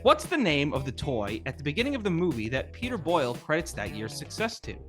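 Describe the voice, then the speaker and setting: A man with a bright, lively voice trading jokes in casual podcast chat. His pitch sits a bit high and moves around a lot as he reads out playful quiz questions, with faint music in the background. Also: a little fast. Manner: joking, animated, runs quiz questions. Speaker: podcast co-host.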